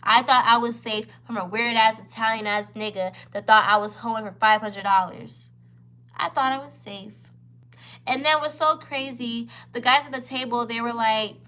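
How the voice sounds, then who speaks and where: Heated, bright-voiced young woman ranting. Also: a little high, normal speed. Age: 20s. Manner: heated, profane, emphatic retelling. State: upset, near tears. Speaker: vlogger. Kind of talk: storytime rant to camera.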